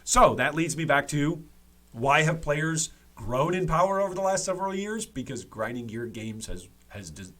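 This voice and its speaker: A man's voice: a little high, expressive, normal speed, fairly bright tone. A man hosting a gaming commentary video, speaking emphatically and repeating key points for stress, with frequent restarts and fillers.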